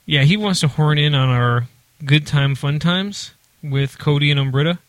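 A man's voice: on the high side, moderate pace, no room sound. A man hosting a casual podcast chat, joking around and reading listener chat messages aloud. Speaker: podcast host.

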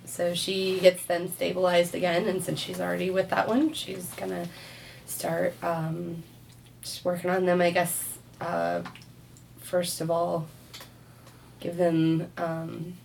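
Brief: low gravelly woman, hesitant player, noisy recording. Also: steady tone, measured pace, pauses often. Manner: hesitant, thinking aloud. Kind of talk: tabletop game play.

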